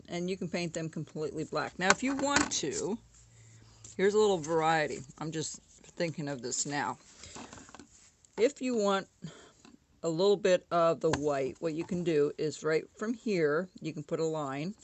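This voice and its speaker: A woman's voice: low-pitched, a little hiss or hum. A woman casually talking through a woodcarving tutorial at home, chatty and often correcting herself. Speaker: woodcarving instructor.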